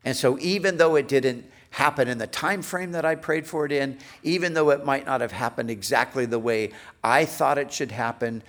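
Pastor guy preaching slow, gets loud then drops to almost a whisper. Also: mid-range voice. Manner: slow, dynamic preaching, swinging from loud to hushed. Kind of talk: sermon.

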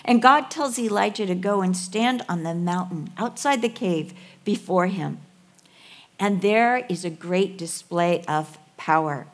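A woman in her sixties preaching a sermon in a storytelling, playful way, sometimes dropping to a soft hush. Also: medium pitch. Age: 60s.

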